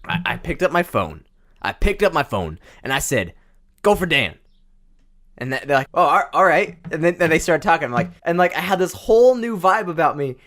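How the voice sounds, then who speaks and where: Lively young man laughing on a podcast. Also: a little high, brisk. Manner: laughs a lot, stammers and restarts. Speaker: podcast co-host. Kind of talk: casual chat. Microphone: close microphone.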